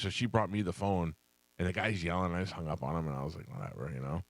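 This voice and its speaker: A male radio host with a low, deep voice, spinning anecdotes in casual banter and slipping into the voices of the people in his stories. The sound is dry and close, from a studio microphone. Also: fast, no room sound. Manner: storytelling, acts out voices in anecdotes.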